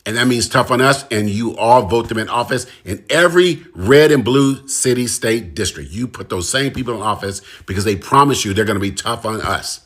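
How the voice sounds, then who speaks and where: A man's voice: on the low side, expressive, brisk, hardly any pauses, fairly bright tone. A man delivering an impassioned, emphatic monologue straight to his audience, hammering points home with repetition. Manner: direct, emphatic, repeats phrases for emphasis. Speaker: commentator.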